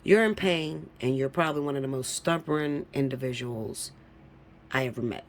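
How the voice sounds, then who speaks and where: A woman reading tarot cards to her viewers in a casual, blunt way. She swears freely and teases her audience, dropping to low mutters and then rising to loud, high-pitched bursts. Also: normal speed. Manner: blunt, profane and teasing, breaks into laughs; lively, swinging from low mutters to high shouts. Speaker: tarot reader.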